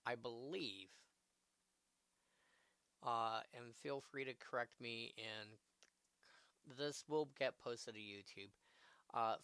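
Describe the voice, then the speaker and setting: A man's voice: medium pitch, vocal fry, fairly bright tone, dry recording. A man casually commenting on a live stream, reading card text aloud and adding musing asides. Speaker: streamer opening card packs.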